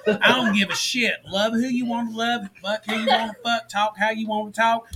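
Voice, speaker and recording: A man co-hosting a podcast, talking in a loud, profane, joking way. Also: high voice, level tone, fairly quick, a little hiss or hum. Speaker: podcast co-host. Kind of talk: rowdy casual chat.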